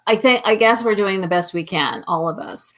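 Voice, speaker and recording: A woman's voice: mid-range voice, normal speed. A middle-aged woman co-hosting a casual live health chat, talking in loose restarts and laughing easily. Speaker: co-host, nutritionist.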